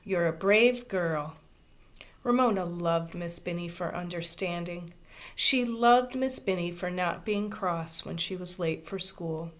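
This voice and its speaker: A woman reading a children's chapter book aloud in a soft, expressive, unhurried voice. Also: on the low side. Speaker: reader. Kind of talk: storybook read-aloud.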